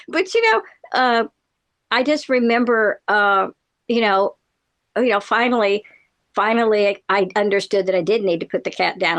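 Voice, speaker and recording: A middle-aged woman in casual chat, telling a long personal story in a rambling way, with many fillers and frequent laughs. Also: medium pitch.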